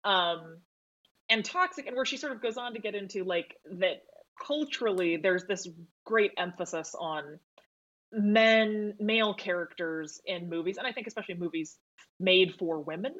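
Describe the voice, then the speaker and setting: A woman co-hosting a podcast in casual film talk, chatty and quick to laugh, swearing freely. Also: mid-range voice, fairly bright tone, lo-fi sound. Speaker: podcast co-host.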